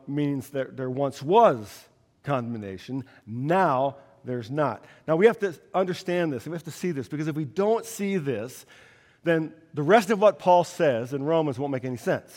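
A man delivers a sermon in a slow, emphatic manner, leaning on key words and pausing for effect. His voice sits a little high. Long reverb of a large hall trails each phrase. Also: expressive, darkish tone. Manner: slow emphatic preaching with dramatic pauses. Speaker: pastor.

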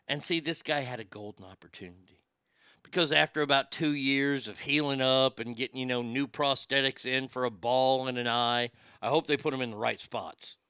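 A man's voice: medium pitch, normal speed, bright, forceful tone, smooth, dry recording, clean studio sound. A man, telling blunt, profane comic stories in a casual chat. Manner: profane, blunt, drawling storyteller. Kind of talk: casual comedic storytelling.

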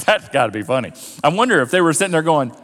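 A man preaching a sermon, telling a story with lively animation and acting out the characters' lines. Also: on the high side, fast, big-room sound. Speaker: pastor. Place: church auditorium.

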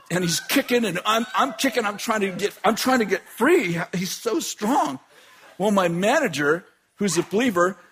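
A man preaching and telling a dramatic personal story, laughing often and shouting at the peaks. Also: high voice, slight background noise. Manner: animated, laughing, shouting at climaxes. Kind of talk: sermon storytelling.

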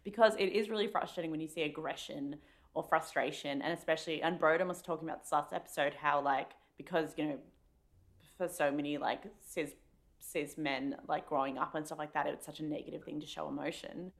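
Australian woman co-host, deep-pitched, frank and expressive, casual swearing. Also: brisk, vocal fry. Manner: frank, animated, swears freely. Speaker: podcast co-host. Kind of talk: casual chat.

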